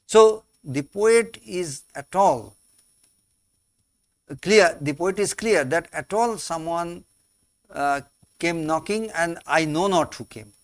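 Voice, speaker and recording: A man, teaching a poem slowly in class, repeating and rephrasing key words. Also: on the high side, dry recording. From India. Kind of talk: slow classroom explanation of a poem.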